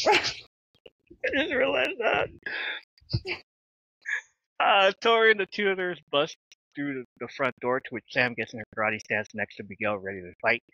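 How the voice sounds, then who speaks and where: A man's voice: medium pitch, fast talker, bright, forceful tone, no room sound, dull audio. A man co-hosting a casual podcast, recapping a TV episode with jokes, fillers and mock-dramatic asides. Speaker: podcast co-host.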